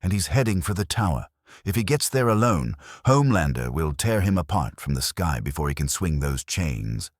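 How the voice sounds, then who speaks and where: A man voicing a blunt, sardonic middle-aged male vigilante with a rasping delivery. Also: deep voice, big pitch swings, moderate pace, dry recording, studio quality, full character voice. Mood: grim relish.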